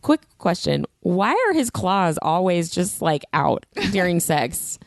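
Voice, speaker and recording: A woman with a low, steady voice co-hosts a book club podcast. She muses thoughtfully and reads passages aloud, breaking off for dry little asides. The recording is close and dry, with no room sound. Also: slow, creaky, no room sound. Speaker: podcast co-host. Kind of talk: casual book-club chat and reading aloud.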